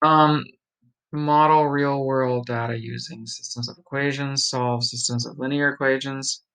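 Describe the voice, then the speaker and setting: A man's voice: mid-range voice, flat delivery, measured pace, fairly bright tone, clear, resonant tone, rough recording. A man thinks aloud, reading course notes and practising a pronunciation in a casual study session. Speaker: online study blogger.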